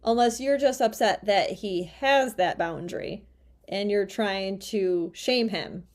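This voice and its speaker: A woman's voice: mid-range voice, slow. A woman commenting critically, questioning the speaker's reaction.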